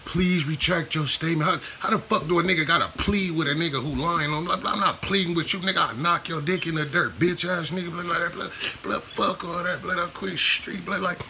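Guy ranting on his vlog, gravelly and forceful, cussing and repeating himself, faint noise behind. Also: fairly high pitch, a little fast. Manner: profane, repetitive, slangy street talk. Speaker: vlogger. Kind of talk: casual commentary rant.

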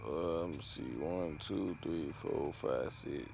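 Laid-back dude vlogging slow, lots of slang, trips over words, faint hum behind. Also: male voice, rumbling low, gravelly, a little mellow. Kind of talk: casual vlog.

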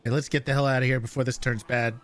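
A man's voice: mid-range voice, little pitch movement, fast, fairly bright tone, a little hiss or hum. A man roleplaying in a game, chuckling and grumbling through casual in-character banter. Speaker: roleplay partner.

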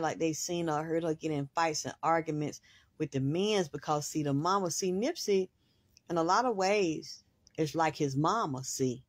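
A woman's voice: medium pitch, dry recording, clean studio sound. Woman in a rambling profane monologue. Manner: excitable, swears freely, talks in long run-ons. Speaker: host, spiritual reader.

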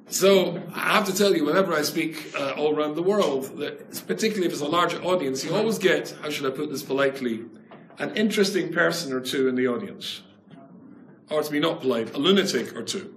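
Man, rabbi, Torah class, animated, emphatic, fairly high voice, echoey room, faint noise. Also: brisk. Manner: animated, emphatic, Yiddish and Hebrew terms. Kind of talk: Torah class, storytelling lecture.

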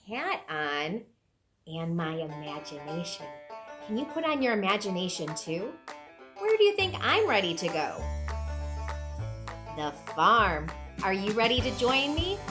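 A woman who teaches pre-K, giving a televised lesson for young children in a playful, animated way and imitating animal sounds. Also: mid-range voice. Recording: children's music playing underneath. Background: light children's music.

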